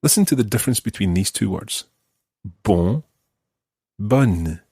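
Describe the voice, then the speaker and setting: A Scottish man teaching a podcast language lesson, patiently modelling each word slowly and carefully. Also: fairly low pitch, lively intonation, a little mellow, husky, no room sound, clean studio sound. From Scotland.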